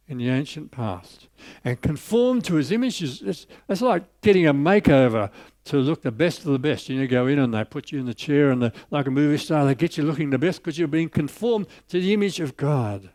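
A man preaching a sermon, telling a story and lifting his voice on scripture before dropping soft on key lines. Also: on the high side, animated, normal speed, dry recording.

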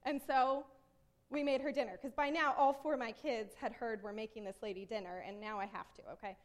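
A high-pitched woman tells a personal story from the pulpit. She is animated and self-mocking, switching between her own narration and playful voices for the people in the story. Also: a little fast. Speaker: preacher. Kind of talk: storytelling sermon.

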